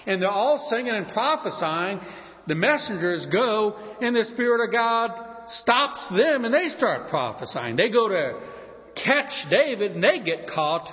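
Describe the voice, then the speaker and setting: A male preacher delivers his sermon as a story, with lively asides and a rising and falling voice that sits a little high. The recording is muffled, and a long reverb hangs in the large hall around him. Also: a little slow.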